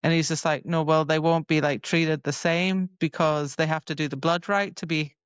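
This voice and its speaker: A woman's voice: deep voice, fairly even intonation, moderate pace, clear, resonant tone, no echo. A woman co-hosting a casual book-club podcast, chatting about a novel and filling her retelling with "like". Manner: chatty, retells scenes with lots of "like". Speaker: podcast co-host. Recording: dull lo-fi sound.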